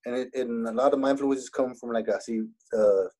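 A man's voice: medium pitch, brisk, a little mellow, low-quality recording. A young man from Laredo, Texas with a Texas border Mexican-American accent, chatting laid-back as an interview guest and mixing Spanish into his English. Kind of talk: casual interview chat.

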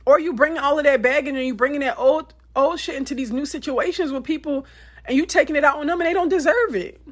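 Blunt, emphatic woman with a higher voice. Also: fast talker. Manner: blunt, emphatic and profane, with lively swings in pitch. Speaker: motivational speaker. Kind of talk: candid motivational monologue.

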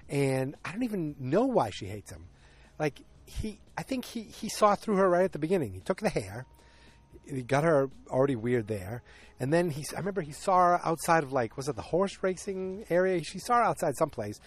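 A man's voice: medium pitch, expressive, normal speed, dry recording. A man in his forties casually recapping a TV episode, with lots of fillers and opinionated asides.

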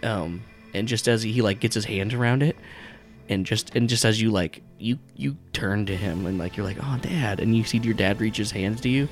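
A man's voice: fairly low pitch, a little fast, soft background music. A man narrating as game master in a tabletop game, rambling with lots of fillers and swearing.

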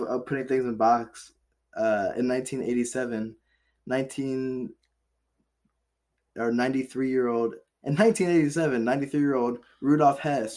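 A man's voice: medium pitch, a little mellow. A man co-hosting a podcast, reading out historical dates and then riffing on them in loose, profane banter. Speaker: podcast co-host. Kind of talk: casual chat.

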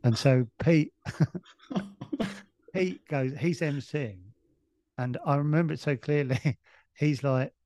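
A man's voice: fairly high pitch, slow pace, long pauses, dark tone, no room sound. A man, a comedian guest on a podcast, telling a long stop-start anecdote with plenty of swearing and restarts.

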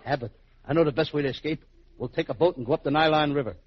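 A man performing 1940s radio comedy in an excitable, childlike, giggly way. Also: a little high, rapid-fire, slight background noise. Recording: dull lo-fi old radio recording.

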